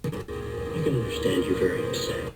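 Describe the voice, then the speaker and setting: A calm, deadpan man speaks in a very deep, controlled voice. His delivery stays flat and unhurried. Film score plays clearly under him. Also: full character voice. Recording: film clip with music underneath.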